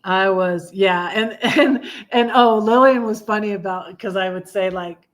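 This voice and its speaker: A woman's voice: medium pitch, unhurried. A woman in her fifties hosting her own livestream, telling personal stories in a rambling, confiding way with frequent self-corrections. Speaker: livestream host. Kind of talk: casual personal storytelling.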